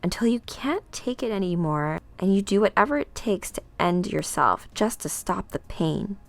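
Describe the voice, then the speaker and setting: A woman voicing a calm, commanding woman coordinator who speaks in a measured, controlled way. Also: medium pitch, creaky, no echo.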